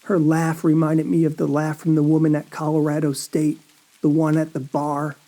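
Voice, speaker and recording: A man narrating a first-person horror story in a slow, brooding, anxious way. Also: a little high, completely flat delivery, mellow.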